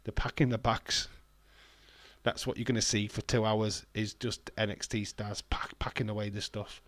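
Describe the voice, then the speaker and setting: A man hosting a live wrestling watch-along, chatty and excitable, swearing casually. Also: fairly low pitch, normal speed, no room sound. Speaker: livestream host.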